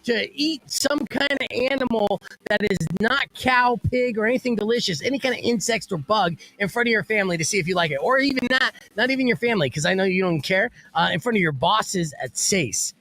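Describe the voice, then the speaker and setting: Animated, high-voiced radio host man. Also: fairly quick, few pauses, low-quality recording. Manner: playful, laughs often, animated. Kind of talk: casual radio banter reading listener emails.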